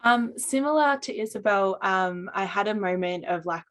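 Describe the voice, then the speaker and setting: A young Australian woman, a student on a panel, telling stories in a bubbly, animated way. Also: mid-range voice, normal speed, few pauses. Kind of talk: panel discussion.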